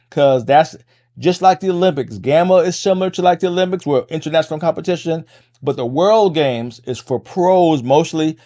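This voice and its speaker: A middle-aged man hosting a podcast, talking fast in a casual monologue, restarting phrases and tagging lines with "right?". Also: fairly high pitch, warm tone. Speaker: podcast host and MMA coach.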